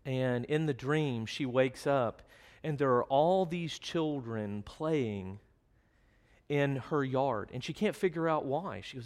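A male preacher gives a sermon in a church sanctuary, his mid-pitched voice trailing into a long reverb from the hall. He talks in an earnest storytelling way and reads scripture verses aloud. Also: slow pace, a little mellow.

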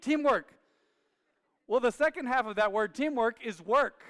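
Preacher guy, high smooth voice, telling stories and acting them out, echoey church. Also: normal speed. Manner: animated storytelling, acts out his father's lines loudly. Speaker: pastor. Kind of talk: sermon. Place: church sanctuary. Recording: reverberant church sanctuary.

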